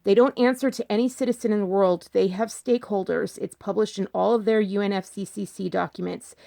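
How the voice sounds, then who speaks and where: A woman vlogger talking in casual commentary, repeating her points and firing off rhetorical questions, her pitch jumping up when she gets emphatic. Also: steady tone, a little fast, vocal fry, mellow. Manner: insistent, repeats herself, fires rhetorical questions.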